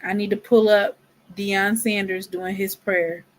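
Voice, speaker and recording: Woman, unhurried commentary vlogger, exasperated and dramatic, mid-pitched. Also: flat delivery. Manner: exasperated, dramatic gasps and whispered asides. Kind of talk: casual commentary.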